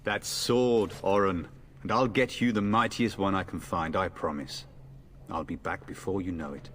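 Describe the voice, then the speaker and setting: A man's voice: low-pitched, fairly even intonation, normal speed, a bit bright, a little hiss or hum. A man voicing a confident, jovial warrior in a fantasy game. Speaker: game character. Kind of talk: game voice acting.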